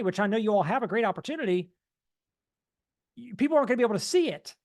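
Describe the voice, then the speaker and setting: A man giving an energetic motivational talk, mimicking dull and excited voices to make his point. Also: high voice. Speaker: motivational speaker.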